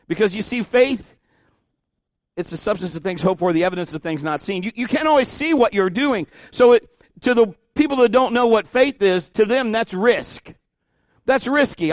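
A pastor delivers a sermon in a fairly high male voice, talking informally with asides and restarts. He often climbs in pitch and volume as he gets animated. The recording is dry, with no room echo.

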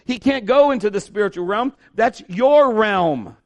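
A middle-aged man preaching a sermon at a church service, telling a story with lively asides and acting out other people's voices. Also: high-pitched, a little slow. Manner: animated storytelling, acts out voices. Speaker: pastor.

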